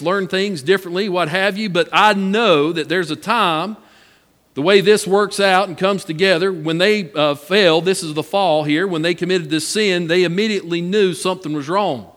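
A man's voice: high-pitched, a bit bright, long reverb tail. A man preaching a sermon, a folksy storyteller who repeats his phrases. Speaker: pastor.

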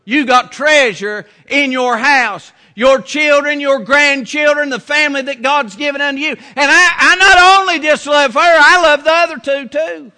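A man's voice: very high voice, moderate pace, few pauses, sharp tone. A middle-aged man preaching a sermon in a folksy, down-home way, repeating his phrases for emphasis. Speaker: pastor.

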